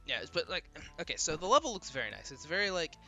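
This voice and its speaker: Quick and very animated, a slightly high-voiced young man narrates his gameplay in a loose let's-play style. He rambles, curses freely, and laughs readily, while game music plays faintly in the background.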